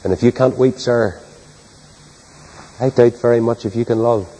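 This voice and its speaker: A man preaching a sermon with great passion, soaring to loud high peaks and then dropping low and quiet, and putting questions to his listeners. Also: fairly even intonation, normal speed, big-room sound, rough recording. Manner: rhetorical questions to the congregation.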